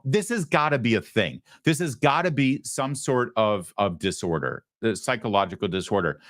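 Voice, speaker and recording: A man's voice: mid-range voice, no echo, studio quality. A man hosting a political talk show, sarcastic and mocking as he comments. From United States. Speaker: host.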